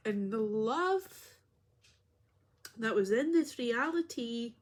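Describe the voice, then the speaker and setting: A woman's voice: on the high side, animated, slow. A woman who works as a spiritual healer tells a personal story in a heartfelt, reflective way on her vlog.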